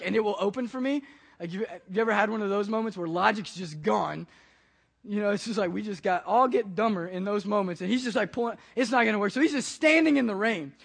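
A man, a pastor, telling a personal story in a conversational, animated way during a sermon. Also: extremely high pitch, vocal fry.

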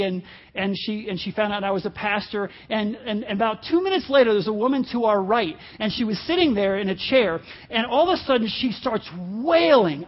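A man preaching a sermon as pastor, telling a personal story in a halting way, dropping to quiet asides and rising to loud emphasis. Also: extremely high pitch, highs cut off. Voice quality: halting, self-interrupting delivery with laughs.

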